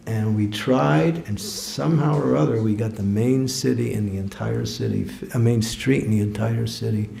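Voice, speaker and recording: A man's voice: mid-range voice, vocal fry, warm tone. A man giving a storytelling lecture at a temple program, chuckling often and repeating words as he goes. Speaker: guest speaker at a temple program. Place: temple hall. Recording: echoey hall recording.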